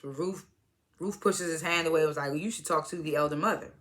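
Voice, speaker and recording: A woman's voice: sits low, fast, a bit bright. A woman casually recapping a TV episode, retelling scenes by quoting each character in turn and laughing at them. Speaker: TV show reviewer.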